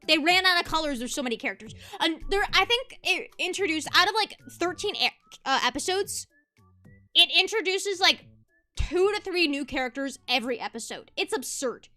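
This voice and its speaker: A woman's voice: high-pitched, expressive, fairly quick, bright, forceful tone, soft background music. A young woman streaming as a VTuber, ranting passionately in casual commentary and laughing easily.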